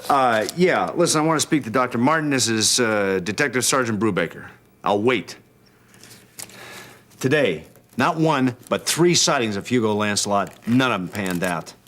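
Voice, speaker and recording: An actor playing a calm police detective who talks in a plain, reassuring way. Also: male voice, medium pitch, normal speed, natural voice. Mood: businesslike.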